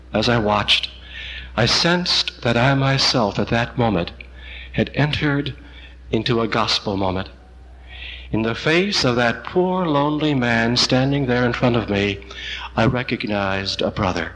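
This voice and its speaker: A man preaching a sermon, telling a story slowly and gently with long pauses. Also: medium pitch, big-room sound, a little hiss or hum, rough recording. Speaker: priest.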